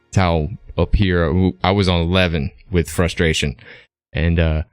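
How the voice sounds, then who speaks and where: A man's voice: sits low, little pitch movement, unhurried, smooth, dry recording. A man streaming, casually telling a rambling story with plenty of fillers and tag questions.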